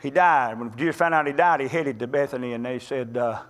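A male preacher delivering a sermon, telling stories in a folksy, impassioned way that swings between loud climbs and quiet drops. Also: medium pitch, brisk. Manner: impassioned, folksy storytelling with sudden rises and drops.

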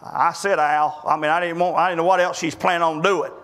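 A man's voice: fairly high pitch, little pitch movement, fast talker, a bit bright, slight background noise. A middle-aged man, preaching a sermon in a folksy storytelling way, often stumbling and restarting his words.

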